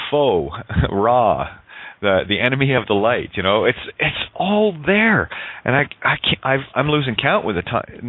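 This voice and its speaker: A man's voice: mid-range voice, no room sound. A man hosts a talk radio show, rambling and laughing as he repeats himself. His voice comes through a tinny, phone-like line with a dry, close sound. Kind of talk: casual talk radio chat.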